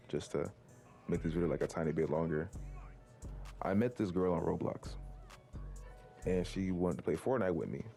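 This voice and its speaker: A man's voice: low voice, vocal fry, mellow. A young man in his teens telling a rambling personal story to his viewers, full of likes and restarts. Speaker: vlogger. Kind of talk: casual storytelling to camera.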